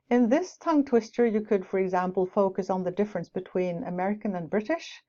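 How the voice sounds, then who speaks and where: Woman, lecture, explanatory, mellow tone, dull lo-fi sound. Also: mid-range voice, fairly quick, few pauses. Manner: explanatory, with light asides. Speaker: teacher educator. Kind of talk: lecture on teaching English with rhymes. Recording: dull lo-fi recording.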